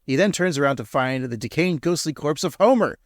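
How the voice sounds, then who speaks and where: Male podcast host, lively and teasing, dry close sound. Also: fairly high pitch, a little fast, no room sound. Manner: teasing, animated. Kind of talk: casual episode recap.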